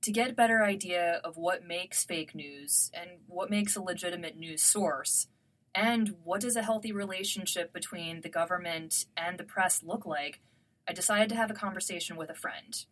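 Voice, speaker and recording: A woman hosting a podcast, speaking in a brisk, matter-of-fact way. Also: fairly low pitch, a bit bright. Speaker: podcast host. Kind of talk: conversational podcast discussion.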